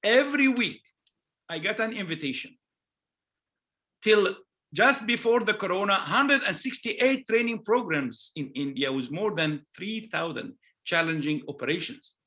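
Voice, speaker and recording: A man with an Egyptian accent, a gynecologist telling stories in a lively conference talk, often adding "okay?" as an aside. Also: high-pitched, measured pace. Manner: animated, anecdotal, with frequent "okay?" asides. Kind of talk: storytelling conference lecture.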